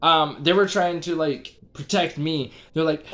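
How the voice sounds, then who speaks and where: A man's voice: fairly high pitch, fairly even intonation, unhurried, fairly bright tone. A young man casually retelling a strange dream, rambling with constant fillers and the odd swear word. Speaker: vlogger.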